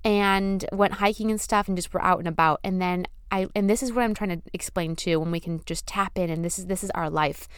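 A woman's voice: on the low side, brisk, hardly any pauses, clean tone, no room sound, studio quality. A young adult woman hosting her own podcast, talking in a casual, earnest, effusive way and repeating phrases for emphasis. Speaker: podcast host. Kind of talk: casual spiritual podcast monologue.

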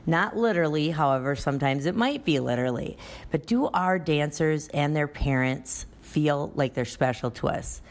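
Woman, low pitch, dance studio owner, casual podcast talk, chatty, anecdotal. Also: expressive, moderate pace. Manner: chatty, anecdotal, restarts often.

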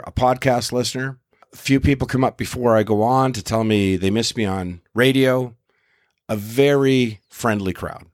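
A man's voice: mid-range voice, dry recording, clean studio sound. A middle-aged man, a comedian and podcast host, telling a story in a casual, exasperated way and swearing now and then.

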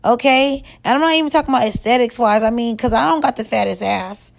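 A woman vlogger giving relationship advice in a blunt, profane, scolding rant, stretching words and jumping up in pitch for emphasis. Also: fast talker, creaky. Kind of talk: casual rant to camera.

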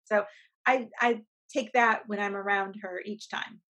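A woman's voice: mid-range voice, steady tone, a little slow, fairly bright tone. A woman co-hosting a podcast as a coach, talking in an earnest, encouraging way and often repeating words. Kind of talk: casual podcast chat.

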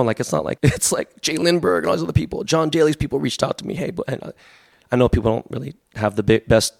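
A man's voice: mid-range voice, vocal fry, a little mellow, no room sound, studio quality. A man in his forties, a podcast guest, telling rambling stories full of fillers. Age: 40s. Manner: fast, rambling storytelling with many fillers. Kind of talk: casual podcast chat.

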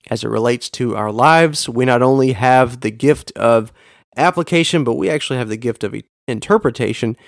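A man's voice: mid-range voice, dry recording, clean studio sound. A man hosting a podcast episode, teaching earnestly and leaning hard on key words for emphasis. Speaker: podcast host teaching on Bible reading. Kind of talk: scripted teaching monologue.

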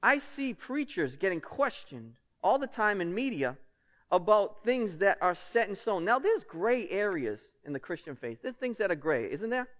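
A man's voice: sits high, very animated, normal speed, a bit bright. Emphatic preaching pastor, a man. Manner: conversational and emphatic, asks the congregation rhetorical questions. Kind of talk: sermon.

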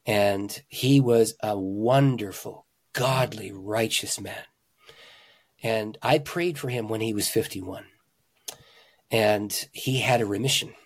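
A man, a pastor and author, telling stories in an interview with animated emphasis, swinging between loud, excited lines and hushed ones. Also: lowish voice, takes it slowly. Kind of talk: conversational storytelling.

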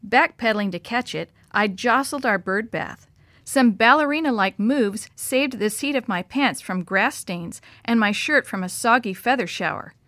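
A middle-aged woman reading a children's story aloud in a gentle, expressive storytelling voice. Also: mid-range voice, dry recording.

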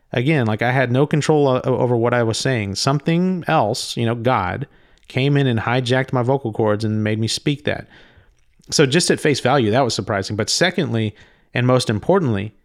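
A man telling of a spiritual experience in a slow, reflective monologue, often stopping and restarting his sentences. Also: mid-range voice. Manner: halting, frequent restarts; slow, thoughtful delivery. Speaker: speaker recounting a spiritual experience.

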